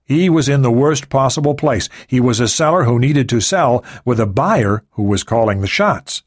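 Male thriller narrator, lively pitch, expressive character voicing. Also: moderate pace. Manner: expressive, varies voices for characters. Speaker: audiobook narrator. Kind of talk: scripted narration.

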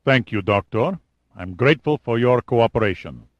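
A man voicing a pompous, cold military general in an audiobook, speaking in a measured, clipped way. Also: mid-range voice, expressive, dry recording, highs cut off, lightly acted. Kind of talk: audiobook character reading.

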